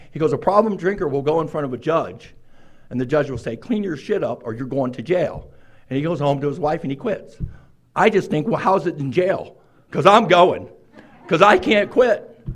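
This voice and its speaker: A man in his sixties telling his own recovery story to a meeting, acting out quoted lines with sudden jumps in pitch and loudness. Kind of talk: personal recovery story told to a group.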